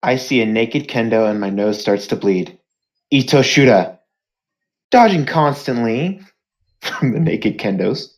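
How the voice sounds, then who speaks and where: A woman reads her part of a fan roleplay in a low voice. She talks slowly with a lively, swinging pitch. Her manner is casual and laughing. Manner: casual, laughing, drawn-out delivery.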